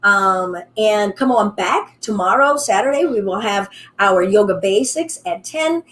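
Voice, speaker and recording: A woman teaching a live online yoga class at home. She guides in a calm, soothing way, then turns upbeat and playful as she chats with her students. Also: medium pitch, unhurried, poor audio. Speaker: yoga instructor.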